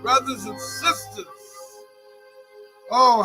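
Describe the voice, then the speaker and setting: Slow, high-voiced emotional man with music. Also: steady tone, pushed and bright. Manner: emotional, voice breaking at times; slow, drawn-out singing. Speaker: teacher and host of a weekly online message. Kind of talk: singing a call-and-response song, then a closing talk. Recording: music playing behind him.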